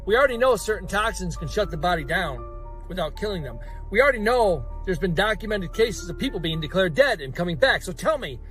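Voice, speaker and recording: High-voiced insistent man. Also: big pitch swings, a little fast, a bit bright, soft background music. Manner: insistent, challenging. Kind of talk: conspiracy commentary.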